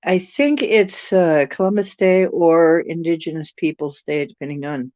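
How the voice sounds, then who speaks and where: A woman's voice: low-pitched, a little slow, darkish tone, dry recording, dull audio. A woman from the United States hosting a casual live stream, musing aloud and answering viewer comments. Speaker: channel host chatting with viewers.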